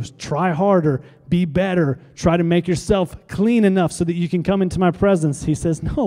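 A man's voice: high voice, dark tone, long reverb tail. A male pastor preaching a sermon, driving his points home with emphatic repeated phrases and leading the congregation in call-and-response. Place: church sanctuary.

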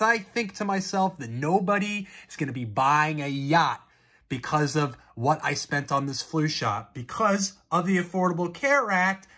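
A man's voice: high-pitched, sharp tone. Wry exasperated man on phone. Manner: wry, exasperated, trailing into grumbles. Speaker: performer. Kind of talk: comic monologue.

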